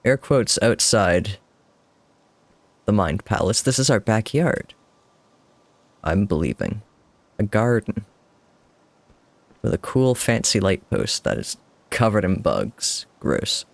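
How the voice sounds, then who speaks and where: A male streamer talks through his gameplay in a loose, chatty way, dry and self-mocking, with a mild curse here and there. His voice sits a little low and has a gravelly edge. The pitch moves around a lot as he reacts. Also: very animated, slow, long pauses, no room sound. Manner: chatty, wry, self-deprecating, swears casually. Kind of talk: casual live-stream gameplay commentary.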